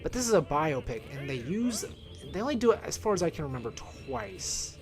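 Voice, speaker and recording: A man with a slightly high, very animated voice talks a bit fast while playing a video game on headphones. He's a streamer reviewing films, rambling casually and correcting himself as he thinks out loud, with faint game music behind him.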